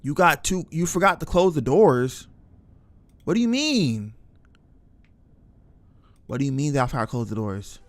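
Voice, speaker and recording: A young male streamer talks through a horror game, his voice sitting a bit high for a man. He is chatty and jumpy, tossing casual slang at his viewers. The sound is dry and close, with no room echo. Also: very animated, normal speed, long pauses. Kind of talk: live horror game commentary.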